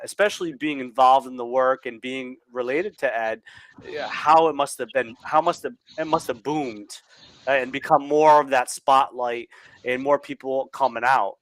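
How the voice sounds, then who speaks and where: Male host, halting casual delivery, mid pitch. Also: fairly bright tone. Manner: halting, restarts often. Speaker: podcast host. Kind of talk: casual chat.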